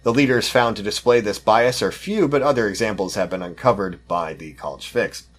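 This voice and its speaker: Husky-voiced man in sarcastic commentary. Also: lowish voice, fairly quick. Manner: sarcastic, mocking. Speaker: podcast host. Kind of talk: commentary, reading news articles aloud.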